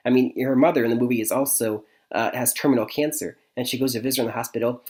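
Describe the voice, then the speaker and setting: A man's voice: mid-range voice, fast, few pauses. A man from Michigan reviewing movies in a casual vlog, rambling, with lots of fillers and chuckles. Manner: rambling, many fillers and restarts, frequent chuckles.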